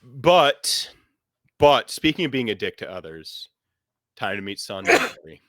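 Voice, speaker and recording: A man's voice: mid-range voice, big pitch swings, unhurried, a bit bright, dry recording, studio quality. A man as game master, chatting in a rambling way with many fillers, then narrating a scene. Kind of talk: casual chat and game narration.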